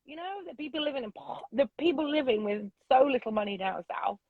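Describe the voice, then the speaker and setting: A middle-aged woman, a loud and unapologetic storyteller chatting as an interview guest from her vintage bus. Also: sits high, animated, a little fast, narrow, tinny audio. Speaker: podcast guest. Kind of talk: casual interview chat.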